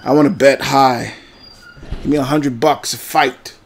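A man giving casual, jokey commentary while playing a video game, breaking into loud outbursts. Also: medium pitch, steady tone, a little slow, creaky, slight background noise. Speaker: gameplay commentator. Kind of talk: casual let's-play commentary.

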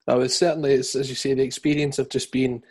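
Guy hosting a chatty podcast, steady easygoing questions, middle pitch. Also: fast talker, breathy edge. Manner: relaxed interviewer, steady questions, frequent murmured agreement. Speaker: podcast host. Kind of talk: casual podcast interview.

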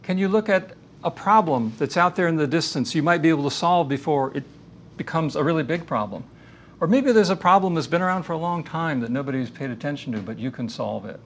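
A man giving a faith-based lecture in an earnest, measured teaching manner, weaving in stories. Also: a little high, lively intonation, a little hiss or hum.

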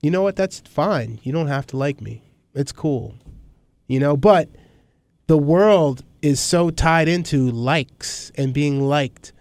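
A middle-aged man talking candidly as a guest in an interview, rambling and animated as he tells stories. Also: a little high, takes it slowly, dry recording. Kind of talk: conversational interview.

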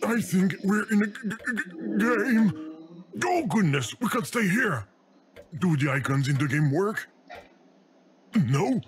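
A fussy, scolding game narrator. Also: male voice, fairly high pitch, sing-song, measured pace, long pauses, a little hiss or hum. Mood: alarmed. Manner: fretful, scolding, prim. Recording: game audio with faint music.

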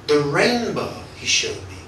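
A man's voice: fairly high pitch, big pitch swings, unhurried, bright, forceful tone, a little hiss or hum. A male pastor preaching and telling stories with animation, often laughing as he speaks. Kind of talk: sermon with personal storytelling. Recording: echoey church hall, mic at a distance.

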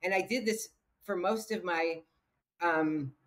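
A woman's voice: on the low side, slow pace. A woman, a health coach and entrepreneur, telling stories in a casual interview and acting out the people in them. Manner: lively storyteller who acts out the voices of people in her stories. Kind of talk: casual storytelling in a podcast interview.

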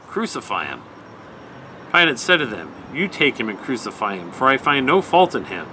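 A man leading a night prayer service, giving a measured, even scripture reading. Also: medium pitch, noisy background.

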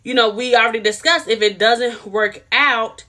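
A woman's voice: a little high, moderate pace, bright, forceful tone. A woman reviewing a TV show in a casual, blunt and opinionated way, talking straight to her viewers. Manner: chatty, addresses viewers directly.

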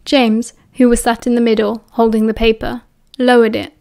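A woman's voice: on the high side, flat delivery, moderate pace, creaky, darkish tone. British woman reading an audiobook. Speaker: audiobook narrator. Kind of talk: audiobook narration.

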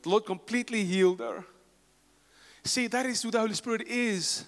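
South African male pastor, high voice, passionate sermon, long church-hall reverb. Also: normal speed. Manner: passionate preaching, swinging between loud rises and quiet storytelling. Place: church sanctuary.

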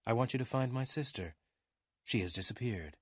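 Brief: male reader doing a curt young woman client, quiet, cool delivery. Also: mid-range voice, expressive, normal speed, breathy edge, no echo, studio quality. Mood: cold.

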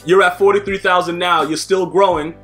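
A man asks questions in a high voice, stopping and restarting often as he hosts a casual interview. Faint music sits underneath his voice. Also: fairly even intonation, fairly bright tone. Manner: halting questions with many restarts. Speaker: host.

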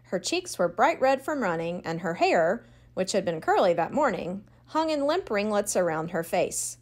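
Expressive woman reading a children's book. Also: medium pitch, moderate pace. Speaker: audiobook narrator. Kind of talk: children's audiobook narration.

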